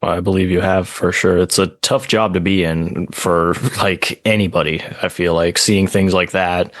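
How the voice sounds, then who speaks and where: A man hosting a casual interview podcast, talking in a relaxed, conversational way. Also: low voice, normal speed. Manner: relaxed, conversational, uses fillers like "like" and "for sure". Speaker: podcast host.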